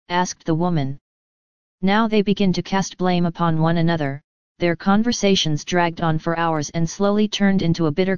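Woman storyteller, lowish and very clear, even matter-of-fact read, dry slightly dull sound. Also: no echo. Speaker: narrator. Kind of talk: scripted story narration.

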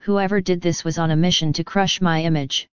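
A man's voice: on the high side, steady tone, brisk, smooth, no room sound, highs cut off, natural voice. A woman voicing an indignant, furious elderly male farmer. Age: older.

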